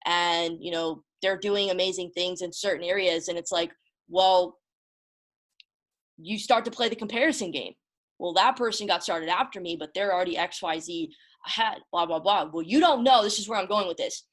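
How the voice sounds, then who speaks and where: A woman's voice: on the low side, normal speed, a bit bright. A woman hosting a casual motivational talk, emphatic and emotional, often repeating herself and calling her listeners y'all. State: emotional, close to tears. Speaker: motivational host.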